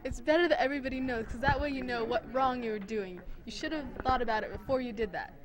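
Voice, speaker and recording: A woman's voice: a little high, fast, a crowd in the background, natural voice. A woman playing a friend who insists she spread a secret for the other's own good, speaking in an insistent, lecturing way in an amateur skit. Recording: very noisy, hissy recording.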